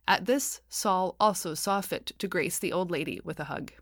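Female author narrator, audiobook, wry, expressive, dry recording. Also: lowish voice, normal speed, dry recording. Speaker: author narrating her own novel.

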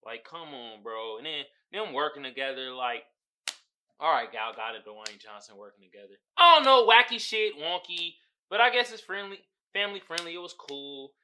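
A man hosting a podcast, talking in a casual, slangy and profane way, animated and quick to laugh. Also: a little high. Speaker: podcast host.

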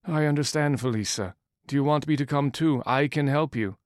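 A man voicing a loyal, fatherly older restaurant worker, gentle and earnest, in an audiobook. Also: fairly high pitch, fairly quick, no echo, studio quality, pitched above the performer's own voice, natural voice. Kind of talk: audiobook character voice.

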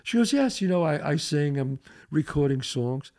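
An older man, hosting a podcast and telling a profane, animated story in which he acts out the quotes. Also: a little high, moderate pace. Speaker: host.

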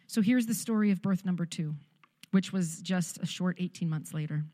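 A middle-aged woman with a mellow, lowish voice shares her personal testimony at a moderate pace, and her words echo through a large hall. She tells her story candidly and pokes fun at herself along the way.

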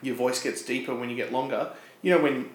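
A man's voice: medium pitch, steady tone, fast. A man, co-hosting a casual quiz podcast, rambling and joking through science tangents. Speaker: podcast co-host. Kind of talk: casual chat, quiz banter. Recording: echoey room.

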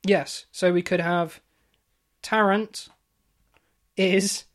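A woman co-hosting a comedy podcast, deadpan and mock-serious, with hesitant fillers as she argues a far-fetched theory. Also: lowish voice, very slow. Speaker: podcast co-host.

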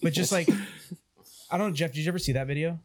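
A man hosting a podcast, eager and excitable, swearing casually as he chats. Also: fairly high pitch, fast. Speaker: podcast host.

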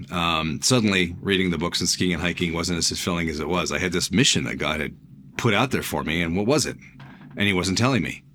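An older man delivers a sermon in a very deep, low voice. He preaches with earnest reflection, sharing a personal story at an unhurried pace. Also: a bit bright, a little hiss or hum. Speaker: pastor.

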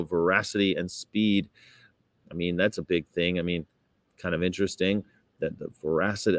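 A man with a fairly bright tone streams live from Chicago as a vegan activist, chatting loosely, laughing often and reading material aloud. He uses a mock-sweet high voice whenever he quotes polite phrasing. The audio is studio quality with no echo.

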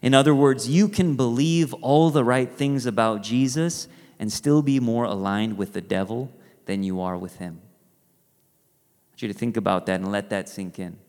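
A man's voice: mid-range voice, moderate pace, a little mellow, long reverb tail. A man preaching a sermon in a conversational way, acting out quotes and adding rhetorical asides.

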